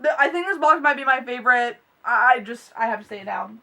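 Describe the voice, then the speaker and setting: Gushing high-voiced young woman vlogger. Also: fast, far from the mic, a little hiss or hum. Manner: gushing and excitable, gasps and squeals. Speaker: beauty vlogger. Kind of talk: unboxing vlog chat.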